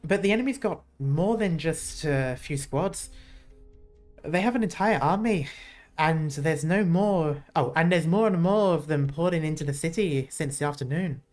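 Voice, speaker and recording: A woman doing a gruff soldier girl with a mock Scottish twang. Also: low voice, normal speed, darkish tone, soft background music, lightly acted. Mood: blunt. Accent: loose put-on Scottish mix. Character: brash young woman soldier with a rough twang. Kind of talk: reading game dialogue aloud.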